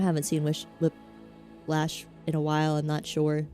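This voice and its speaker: A woman with a Southern American accent rambles casually during a gaming stream and pokes fun at herself as she goes. Her voice is low and mellow. Faint game music plays behind her. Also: monotone, unhurried. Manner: meandering, self-mocking rambling. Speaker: VTuber streamer.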